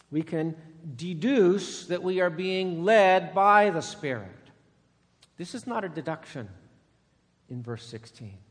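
A man preaching a sermon, moving between loud, emphatic repetition and quiet, intimate passages. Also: a little high. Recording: long reverb of a large hall.

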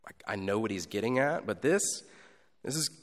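A pastor giving a sermon in a conversational style, moving between loud emphasis and quiet asides. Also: male voice, on the low side, expressive, moderate pace, big-room sound.

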